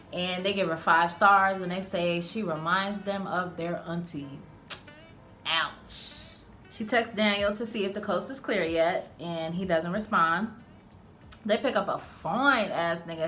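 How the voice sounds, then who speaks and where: A woman hosting a channel recaps a TV episode in a casual, slangy, profane way, her voice fairly low with slight background noise. She reviews the show with animated storytelling.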